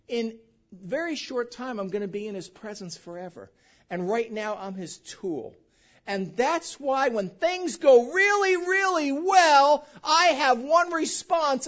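A pastor preaching a sermon in a church, animated and quizzing the congregation with call-and-response questions. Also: male voice, very high-pitched, unhurried. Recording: dull lo-fi recording.

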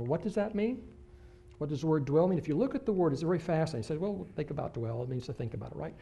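A male pastor preaching a sermon, telling a personal story in an animated way that swings between excited bursts and hushed moments. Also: fairly high pitch, vocal fry.

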